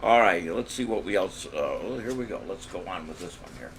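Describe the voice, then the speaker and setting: A man hosting a casual trivia show, cracking corny jokes, rambling between questions and reading each question out slowly. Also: deep voice, lively intonation, noisy background. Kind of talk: casual live-stream quiz hosting.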